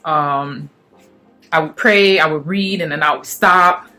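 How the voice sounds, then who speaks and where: Brief: woman in her 30s, heartfelt testimony vlog, lowish voice, faint music behind. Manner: earnest, emotional, talks fast in bursts and then goes quiet. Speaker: faith vlogger. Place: home apartment while packing.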